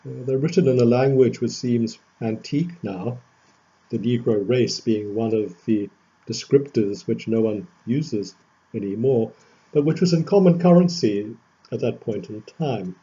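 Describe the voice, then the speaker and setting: A male lecturer giving an academic lecture, measured and thoughtful, with emphatic rising phrases. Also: mid-range voice, dark tone, husky. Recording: dull lo-fi recording.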